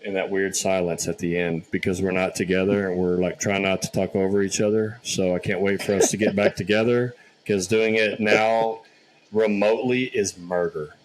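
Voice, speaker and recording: A man's voice: deep voice, fairly even intonation, normal speed, rough recording. A man hosting a casual remote podcast chat, talking easily and laughing often. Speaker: podcast host.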